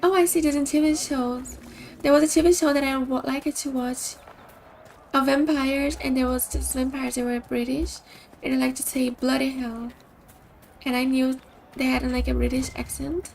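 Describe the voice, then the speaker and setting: High-voiced chatty woman streamer. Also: flat delivery, normal speed, vocal fry, darkish tone, a little hiss or hum. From Brazil. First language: Portuguese. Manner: chatty, upbeat, giggly. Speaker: game streamer. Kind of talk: casual stream chat with game commentary.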